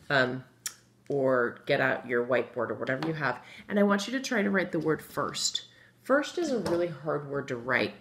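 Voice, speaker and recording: A woman with a low, creaky voice with vocal fry and a fairly bright tone teaches a first grade phonics lesson, with slight background noise. In this recorded remote lesson she is patient and encouraging. She spells words out letter by letter as she writes them on a board.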